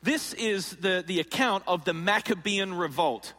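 A male pastor preaches a sermon with a high, bright voice and acts out little scenes with humor. His speech rings through a large church hall with a long reverb. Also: unhurried. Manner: animated and jokey, acts out scenes.

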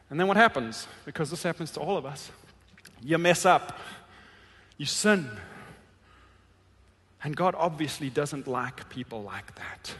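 A male pastor preaches with real emphasis, his voice climbing high and then dropping to a hush. The tone is bright and ringing. It carries with a long reverb through a large church sanctuary. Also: lively intonation, moderate pace, slightly rough. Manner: emphatic, swings from loud to hushed. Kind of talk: sermon with object lesson.

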